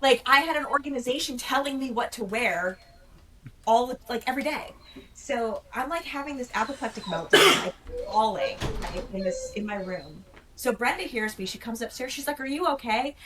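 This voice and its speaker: A woman Army veteran telling a story on a podcast in an animated, profane, self-mocking way. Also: a little high, moderate pace. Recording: distant mic with faint noise.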